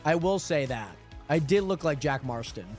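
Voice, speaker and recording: A man's voice: a little high, expressive, normal speed, a little mellow. A man livestreaming a game, chatting casually and rambling to his viewers as he plays. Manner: rambling, chatty, talks to chat viewers between game actions. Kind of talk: casual gaming livestream chat. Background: background music.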